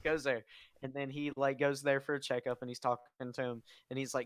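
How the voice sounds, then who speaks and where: A man's voice: mid-range voice, little pitch movement, fairly quick, dry recording. A young man co-hosting a casual late-night podcast, rambling through stories with lots of fillers and laughing often. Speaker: podcast co-host.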